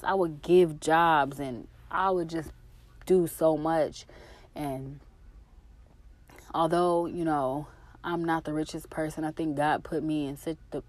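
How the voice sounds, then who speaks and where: Low-voiced candid woman vlogger. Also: a little mellow. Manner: candid, emotional, rambling, swears freely. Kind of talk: casual personal vlog talk.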